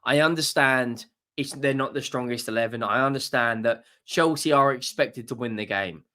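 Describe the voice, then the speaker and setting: A man's voice: mid-range voice, normal speed, bright, forceful tone. A young man hosting a football channel, giving a casual, enthusiastic match reaction and often repeating words and restarting phrases.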